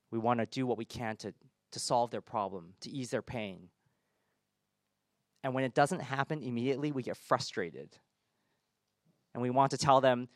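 A man preaching in a relaxed, chatty way, cracking dry self-deprecating jokes between points. His voice sits at a middle pitch and is recorded close and dry, with no room sound around it. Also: no echo. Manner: informal, self-deprecating humor, many fillers. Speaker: pastor. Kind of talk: conversational sermon.

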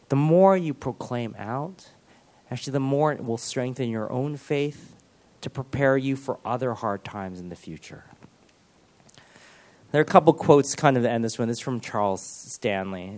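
A man giving a sermon, speaking earnestly and with animation, often restarting his phrases. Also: medium pitch. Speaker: preacher.

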